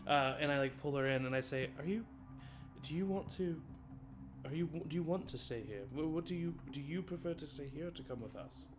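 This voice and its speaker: A man playing a tabletop game in character, speaking hesitantly and gently. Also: fairly high pitch, a little fast. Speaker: player. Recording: noisy background.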